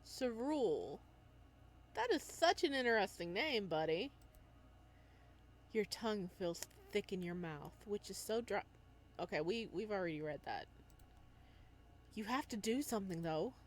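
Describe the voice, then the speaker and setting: A woman playing through a game, reading its narration aloud and reacting in an excitable way. Her pitch is lively and she often talks back to the characters. Faint background noise sits under her voice. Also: unhurried, long pauses. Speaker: game player.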